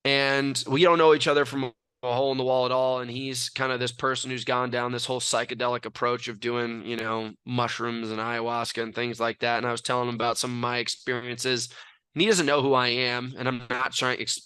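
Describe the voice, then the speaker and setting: A man's voice: mid-range voice, pushed and bright, clear, resonant tone, no echo. Brash, self-assured young man from California. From California, USA. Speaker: athlete guest. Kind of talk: casual interview talk.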